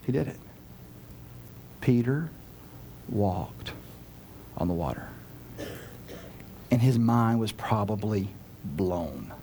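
A man preaching a sermon as a pastor, earnest and direct, swinging between loud urgent pleading and hushed, slow emphasis. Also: lowish voice, animated, a little hiss or hum. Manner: earnest, direct address to listeners.

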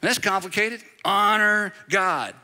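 A pastor preaching an animated sermon, driving points home through repetition and acted-out quotes. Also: male voice, high-pitched, unhurried. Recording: long reverb of a large hall.

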